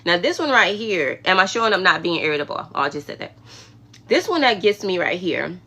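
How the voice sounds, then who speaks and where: Female livestream host, casual faith talk, low pitch, bright sharp tone. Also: sing-song, brisk. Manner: emphatic, conversational, preachy asides.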